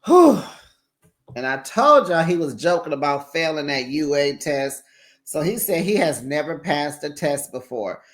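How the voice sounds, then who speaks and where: With an animated, fairly bright voice at normal speed, this Bay Area recap host chats away sassily, pitch leaping around despite being tired. It's casual recap commentary.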